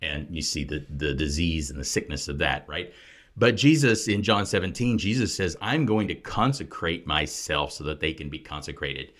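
A man with a very low voice talks through scripture in a relaxed, explanatory way. He leans into key points with emphatic, preacher-like stress. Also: moderate pace. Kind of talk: casual Bible discussion.

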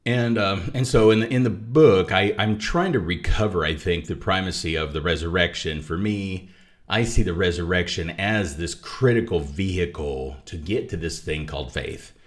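A man's voice: deep voice, moderate pace. A man, an author discussing his book, who talks thoughtfully with restarts and asides. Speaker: author and guest. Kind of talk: conversational theology discussion.

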